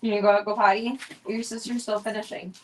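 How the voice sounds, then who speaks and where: A young woman talks casually on a live stream from her home, in a mid-pitched voice. She swears freely. She switches into soft, cooing baby talk when she speaks to her pets. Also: little pitch movement, quick pace, a little hiss or hum.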